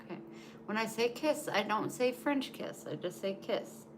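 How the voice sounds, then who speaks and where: A woman's voice: mid-range voice, expressive, moderate pace, background noise. A woman chatting casually on a live stream at home, talking to viewers and cooing to her dog in baby talk. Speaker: vlogger.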